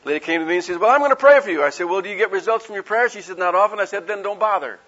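A man's voice: high voice, very fast, pushed and bright. A man preaching a sermon in a folksy, conversational way, asking his listeners rhetorical questions and acting out the people he quotes. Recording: dull lo-fi recording.

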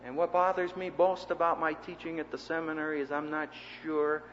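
A man teaching a seminary class in a sermon-style lecture, an animated storyteller who acts out the people he quotes. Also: on the high side, brisk, big-room sound, dull audio, slight background noise.

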